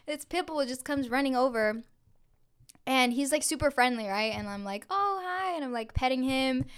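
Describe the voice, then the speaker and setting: A young woman, a podcast co-host, telling an anecdote in casual chat, animated and full of swearing, acting out quotes with lots of "like". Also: high-pitched, moderate pace, smooth. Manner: animated, swears a lot, acts out quotes with filler "like".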